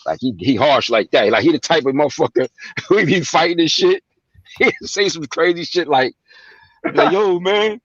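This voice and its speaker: A man's voice: on the high side, normal speed, slightly rough, dry recording, lo-fi sound. A man in casual livestream chat, telling loose stories full of slang and acting out quoted voices, talking over a phone. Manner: loose storytelling, acts out quotes, heavy slang. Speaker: guest, son of the movie's real subject. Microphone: phone over online stream.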